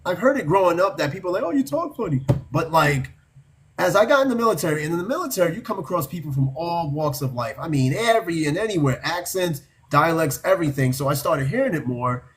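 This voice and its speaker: A man's voice: a little high, animated, quick pace, a little hiss or hum. New York man, casual podcast host. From Brooklyn, New York. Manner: blunt, swears freely, laughs easily. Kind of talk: casual chat.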